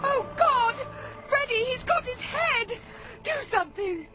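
A terrified young woman in a radio play who has just seen a killing. Her voice rides very high, and she speaks slowly and shakily, over loud music. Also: lively intonation. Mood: horrified. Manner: frantic and breathless, then shaken. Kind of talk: radio drama acting.

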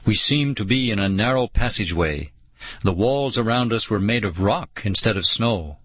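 A man narrating an audiobook in a slow, dramatic storytelling manner. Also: on the low side, lively intonation, a bit bright, no room sound.

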